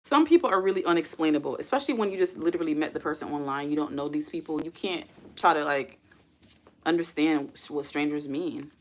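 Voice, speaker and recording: A woman's voice: low-pitched, fairly quick. A young adult woman hosting a casual livestream, chatting with viewers, calling them y'all and putting questions to her chat. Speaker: livestream host.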